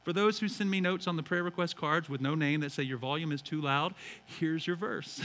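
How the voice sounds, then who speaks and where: A male pastor preaching a lively sermon, swinging from quiet reverence to loud shouts and playful acted-out quotes. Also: sits high, fairly quick, a little hiss or hum. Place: large church hall. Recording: church hall reverb.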